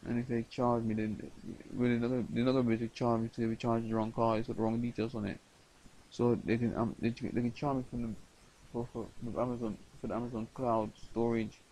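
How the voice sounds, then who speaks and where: A man's voice: mid-range voice, darkish tone, rough recording. A man rambling through a late-night video diary, stumbling over words with many repeats and restarts. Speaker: vlogger.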